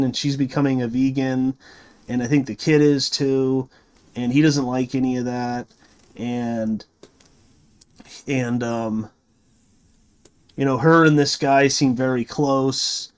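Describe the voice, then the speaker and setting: A man's voice: mid-range voice, smooth. A man reviewing a movie, retelling the plot in a rambling, casual way full of fillers and restarts.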